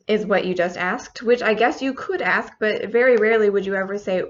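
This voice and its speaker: A woman's voice: medium pitch, a little fast, hardly any pauses, a bit bright. A woman teaching a recorded lesson, casual and patient, spelling words out letter by letter. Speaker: Spanish teacher. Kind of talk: recorded classroom feedback lesson. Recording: slightly dull lo-fi recording.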